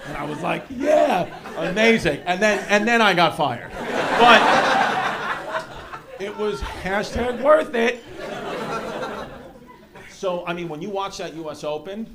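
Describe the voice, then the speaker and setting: Rambling New comic, high voice. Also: male voice, a little slow, long pauses, heavy background noise. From New York City (Queens). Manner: animated, rambling, lots of fillers and restarts. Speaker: stand-up comedian. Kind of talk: stand-up storytelling and crowd work. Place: comedy club stage. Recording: live club recording with crowd laughter.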